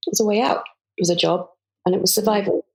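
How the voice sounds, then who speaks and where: A woman's voice: mid-range voice, steady tone, fast, vocal fry, darkish tone. A woman in her forties, a podcast guest telling frank, self-mocking stories in a candid interview. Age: 40s.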